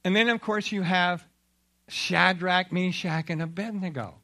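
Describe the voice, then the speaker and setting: A man delivers a sermon in a high-pitched voice. His tone is bright and forceful as he retells scripture. He tells the stories in an animated way and gives the figures voices. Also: a little slow. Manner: animated storytelling with acted-out quotes. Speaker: preacher.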